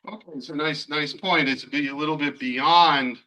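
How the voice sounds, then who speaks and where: A man teaching a Torah class as a rabbi, chatting with students and pausing often with fillers. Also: fairly high pitch, steady tone, bright, forceful tone, rough recording. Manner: conversational, hesitant fillers, takes questions from students.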